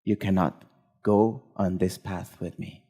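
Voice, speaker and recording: A man voicing a hushed, stern wise guide, low and dark-toned, speaking slowly and with certainty. He is a mystic figure in a told story. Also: fairly even intonation, breathy edge. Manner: quiet, low, stern rebukes.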